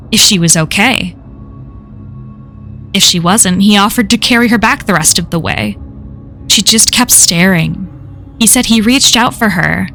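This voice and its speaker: A woman's voice: medium pitch, a bit bright. A woman reading a first-person horror story aloud in a casual, profane way. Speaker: story reader.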